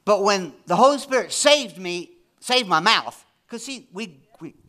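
A man preaching a church sermon in an animated, emphatic way, often repeating his phrases for effect. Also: high voice, a little slow. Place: church service.

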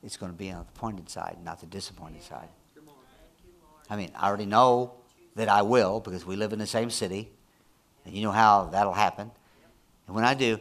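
A man preaching a sermon, moving between quiet, low passages and loud, high-pitched, excited prayer. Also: moderate pace, pauses often. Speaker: pastor.

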